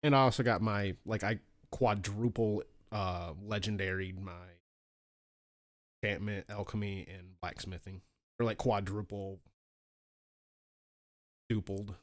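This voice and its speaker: A man co-hosting a casual podcast, telling gaming stories with lots of swearing and excited squeaky voices for his asides. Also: measured pace, pauses often. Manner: animated storytelling, swears freely, jumps up in pitch for quoted asides. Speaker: podcast co-host.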